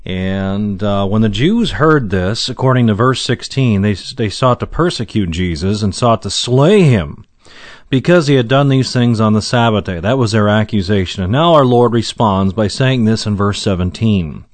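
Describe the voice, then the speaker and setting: A man teaching the Bible verse by verse in a measured, earnest way, with frequent fillers and slow emphasis on quoted verses. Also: lowish voice, expressive, no room sound.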